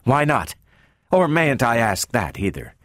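A man reading a sharp, cold woman scientist in an audiobook, speaking in a cutting, precise and insistent way. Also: medium pitch, big pitch swings, measured pace, no echo, studio quality, pitched above the performer's own voice.

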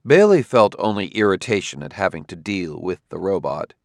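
A man narrating a novel as an audiobook in an expressive storytelling manner. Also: deep voice, normal speed, creaky, no room sound, studio quality. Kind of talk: scripted narration.

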